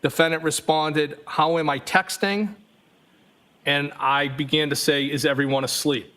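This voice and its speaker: A man's voice: a little high, fairly even intonation, unhurried, fairly bright tone. A man testifying as a trial witness, reading text messages aloud evenly and speaking the punctuation marks.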